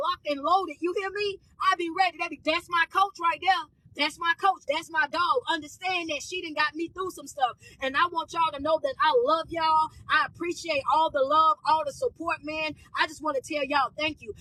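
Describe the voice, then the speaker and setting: A woman's voice: high-pitched, slight background noise. A woman life coach on a livestream, talking casually and energetically as she thanks viewers by name. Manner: energetic, warm shout-outs in casual slang. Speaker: motivational speaker and life coach.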